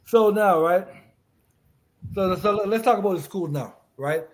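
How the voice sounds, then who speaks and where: A middle-aged man conducts a relaxed interview, his voice sitting a little high for a man. He is encouraging and laughs easily. He stumbles and repeats words as he goes. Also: unhurried. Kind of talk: casual interview.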